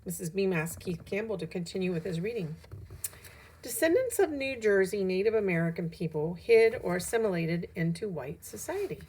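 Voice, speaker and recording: A woman teacher reading a novel aloud to her class, narrating in the first person with steady storytelling. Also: mid-range voice, normal speed, slightly rough, low-quality recording.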